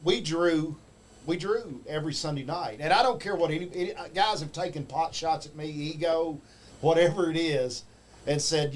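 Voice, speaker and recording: A man's voice: fairly high pitch, moderate pace. A man from the United States speaking in casual chat, emphatic and a bit boastful.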